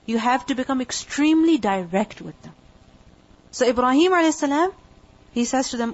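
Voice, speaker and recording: A woman's voice: high voice, lively intonation, fairly quick. A woman teaching a religious lecture, explaining each point and posing rhetorical questions that she then answers herself. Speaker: Quran teacher. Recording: dull lo-fi recording.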